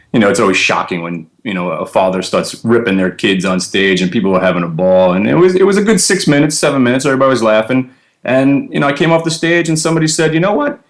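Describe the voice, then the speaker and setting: A man, telling stories with lots of fillers and laughs as a podcast guest. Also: fairly low pitch. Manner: animated, laughing storyteller with many fillers. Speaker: guest, trader and comedian. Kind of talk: casual storytelling interview.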